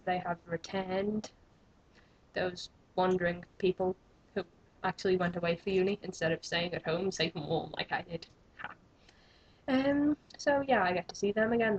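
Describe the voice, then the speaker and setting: A young woman rambles cheerfully to her webcam, joking at her own expense. Her voice is husky and sits in a middle register. The sound is dull and lo-fi, as from a built-in camera mic. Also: medium pitch, normal speed. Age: young adult. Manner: rambling, self-mocking, chatty. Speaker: vlogger. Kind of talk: rambling casual vlog.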